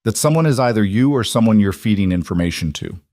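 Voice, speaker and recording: A weary, blunt female detective, read by a male narrator in his own low voice, pressing her questions in measured, level tones. The sound is dry and close to the mic, with no room around it. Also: expressive, a little mellow, no room sound.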